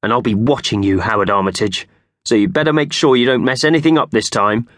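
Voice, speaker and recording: A man voicing a blustering, bossy male boss in a children's audiobook, with a loud, booming, growling manner. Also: brisk, no echo, clean studio sound, lightly acted. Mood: stern.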